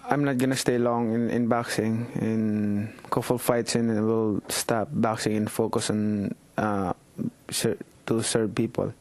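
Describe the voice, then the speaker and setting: A man's voice: on the low side, level tone, measured pace, hardly any pauses, darkish tone, dry recording. A man in his thirties with a Filipino accent, a boxer answering interview questions in a hesitant way with many fillers. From Philippines. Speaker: boxer and congressman, interview guest. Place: indoors in the Philippines.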